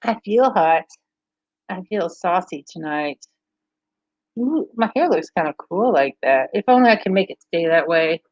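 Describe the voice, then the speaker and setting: A woman with a fairly low, darkish voice and lively intonation hosts a livestream, speaking a little slowly. She's bubbly and casual, laughing often and chatting with viewers' live comments. The recording has no room sound and a lo-fi quality.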